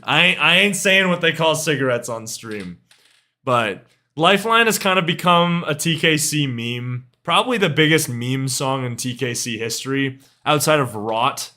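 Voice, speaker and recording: A man's voice: mid-range voice, bright, forceful tone. A young man streaming music reviews in casual chat, laid-back, swearing freely and trailing off with shrugging asides.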